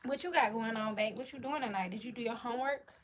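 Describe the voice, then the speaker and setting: A woman's voice: fairly high pitch, quick pace, a little hiss or hum. A woman hosting a livestream, chatting in a hyped, slangy, casual way while answering comments. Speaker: livestream host.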